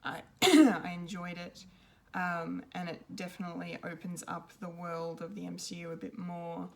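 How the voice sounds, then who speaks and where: Woman rambling through a movie review, lowish voice, lots of ums. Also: fairly even intonation, normal speed, creaky, a little hiss or hum. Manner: rambling, hesitant, many ums and restarts. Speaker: pop culture reviewer. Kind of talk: unscripted film review.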